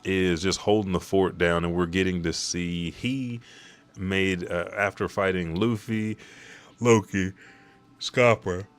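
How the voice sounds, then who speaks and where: A man with a low, deep voice talks through a comic chapter panel by panel. His delivery is casual and energetic, full of swearing and sound effects. He sounds like a relaxed fan-channel host. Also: takes it slowly. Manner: loose, profane, energetic play-by-play. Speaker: YouTube manga recap host. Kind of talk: casual chapter recap narration.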